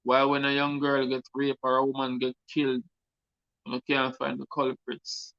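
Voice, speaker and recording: A man's voice: mid-range voice, completely flat delivery, normal speed, vocal fry, a bit bright, no echo, muffled recording. A man with a Jamaican accent, a guest artist speaking earnestly on a talk show and repeating words for emphasis.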